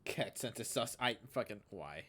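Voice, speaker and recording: Chatty male game streamer, lively pitch. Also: moderate pace, slight background noise. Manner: relaxed, chatty, swears casually. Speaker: gaming streamer. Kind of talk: casual live-stream commentary. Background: game music.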